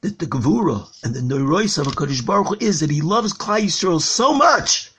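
A man's voice: fairly high pitch, sing-song, brisk, a bit bright, slightly rough. A rabbi giving an impassioned Torah lecture on prayer. He tells a parable and stretches key words for emphasis. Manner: storytelling with a parable.

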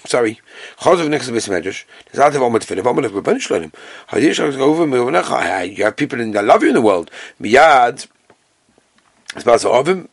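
A man teaching a Talmud class with Yeshivish Ashkenazi Hebrew pronunciation, reading the text and telling the story with animated storytelling. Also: slightly rough, dry recording. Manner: animated storytelling, acting out characters with big jumps in pitch.

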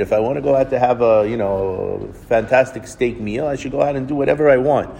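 A man's voice: medium pitch, brisk, vocal fry, few pauses, mellow. A man giving an informal Torah talk, telling a story in a conversational way and often restarting his phrases. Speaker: Torah teacher. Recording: long reverb with faint background noise.

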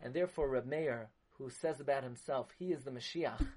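A man delivering an impassioned sermon as a rabbi, mixing Hebrew terms into English and rising to loud emphasis. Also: mid-range voice, brisk.

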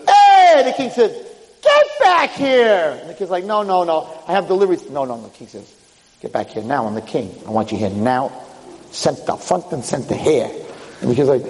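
Animated man telling a story in a hall. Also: fairly high pitch. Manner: acts out each character with shifting voices. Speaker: rabbi giving a lecture. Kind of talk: storytelling sermon. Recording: hall reverb.

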